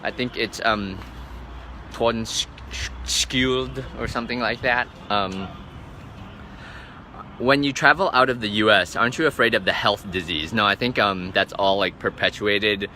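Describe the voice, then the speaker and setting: A travel vlogger with a lowish, pushed and bright voice talks at normal speed while live streaming from a handheld phone among boats outdoors. Amid the noisy background, he rambles casually through viewer questions, peppering answers with "um" and "like."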